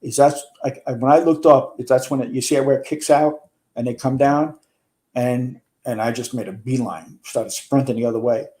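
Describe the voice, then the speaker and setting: A man's voice: mid-range voice, steady tone, moderate pace, dark tone. A man, a retired fire chief telling a long story in a casual interview, rambling with restarts and some swearing. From New York.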